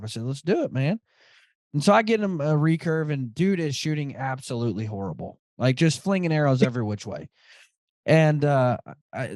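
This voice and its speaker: A man hosting a podcast, telling a story in a casual, animated way and acting out the dialogue. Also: a little high, no room sound, studio quality. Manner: animated, quotes friends in dialogue, says dude a lot. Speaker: podcast host.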